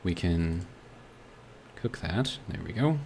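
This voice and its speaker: Guy streaming a game, lowish voice, rambling and reading chat out loud. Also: animated, slow, a little hiss or hum. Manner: rambling, thinks aloud, reads chat messages. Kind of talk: live gameplay commentary.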